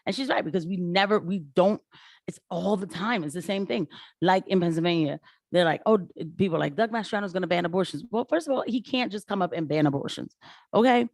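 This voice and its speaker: A woman giving casual political commentary on her channel, animated and rising in pitch when she gets riled. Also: brisk, no room sound, studio quality.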